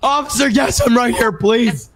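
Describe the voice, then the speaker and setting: A man's voice: extremely high pitch, moderate pace, over a noisy crowd. A man playing a blindfolded mayor who pleads and panics melodramatically in a game role-play. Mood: pleading. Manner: frantic, pleading, comically overwrought.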